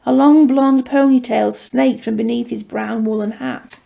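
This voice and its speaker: A woman author reading her own fantasy story aloud in a measured, steady way. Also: fairly high pitch, vocal fry. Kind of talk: storybook narration.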